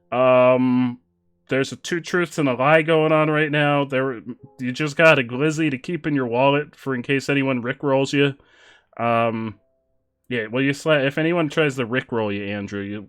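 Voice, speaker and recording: A male gamer with a clear, resonant, medium-pitched voice hangs out with his stream viewers as he plays. He reads chat aloud, cracks jokes and laughs frequently.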